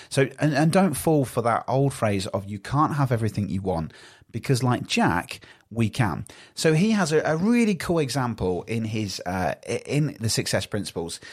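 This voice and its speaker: Guy doing a solo podcast, kinda husky, voice jumps up and down a lot, chatty. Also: mid-range voice. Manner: chatty and animated, acts out little quoted exchanges. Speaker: podcast host. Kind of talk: casual solo podcast talk.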